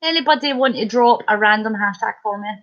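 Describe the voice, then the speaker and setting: A bubbly Scottish woman chats with viewers during a live stream, her voice sitting a little higher than usual. The sound is dull and lo-fi, like a home stream. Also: fast talker, a bit bright. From Scotland. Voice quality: bubbly, chatty, laughs often. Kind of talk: casual live-stream chat.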